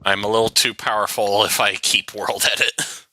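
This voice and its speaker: Bright-voiced man chatting on a game stream. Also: lowish voice, little pitch movement, normal speed. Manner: chatty, reacts to the game and viewer questions. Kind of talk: live gaming stream chat.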